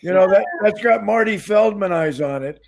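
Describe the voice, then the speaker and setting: A man telling dry, halting anecdotes in a casual Q&A on a video call. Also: high voice, animated, creaky, a little mellow. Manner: dry storyteller, halting with fillers.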